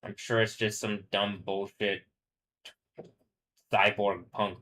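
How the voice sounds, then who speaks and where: Rambling man with a bright edge. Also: on the low side, level tone, slight background noise. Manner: rambling, swearing, halting restarts; reads news aloud, stumbling over words. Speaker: streamer. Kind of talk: casual live-stream monologue.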